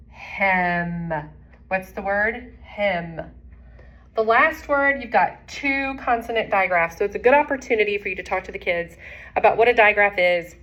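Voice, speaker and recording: A woman's voice: mid-range voice, a bit bright, poor audio. A woman teacher giving a phonics demonstration, carefully sounding out each phoneme before blending words. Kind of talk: instructional demonstration. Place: classroom or home, recorded on camera.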